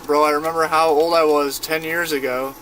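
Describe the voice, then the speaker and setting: A man's voice: fairly high pitch, little pitch movement, fairly quick, a bit bright, slight background noise. A young man in his twenties, streaming a game and chatting with his viewers in a laid-back, slangy way from inside a van. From United States. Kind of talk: casual live-stream gaming chat.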